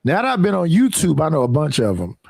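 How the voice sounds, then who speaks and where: A man's voice: on the high side, fast, vocal fry, no room sound. Profane storytelling man, dry close sound. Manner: profane, animated storytelling with acted quotes. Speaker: podcast host. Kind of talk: casual storytelling.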